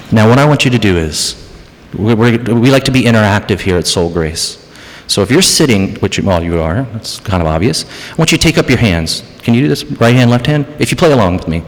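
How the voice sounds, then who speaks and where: A man preaching an interactive sermon as pastor, playful as he coaxes the congregation to join in. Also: fairly low pitch. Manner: playful, coaxing congregation to participate. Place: church hall. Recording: long hall reverb.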